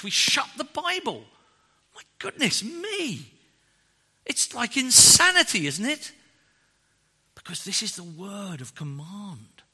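A man preaching a sermon, emphatic and animated, often tagging rhetorical questions onto his points. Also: high voice, husky. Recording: long hall reverb.

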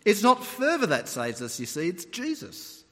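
Male preacher, animated sermon delivery, high and expressive, long reverb. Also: normal speed. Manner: animated storytelling, mimics voices.

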